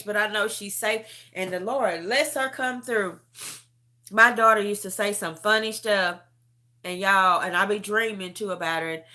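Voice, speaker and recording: A woman's voice: medium pitch, sharp tone. A middle-aged woman livestreaming from her phone, talking heartfelt and repetitive about her faith and family straight to her viewers. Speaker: livestream host. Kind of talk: emotional testimony chat.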